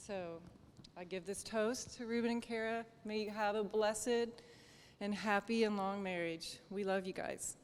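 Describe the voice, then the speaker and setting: A woman's voice: mid-range voice, steady tone, a little slow. A woman with a mid-range voice gives a rehearsal dinner toast, sentimental and a little nervous. She laughs through her stories, and her voice carries a long hall reverb over faint room noise. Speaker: wedding toast speaker, family of the bride.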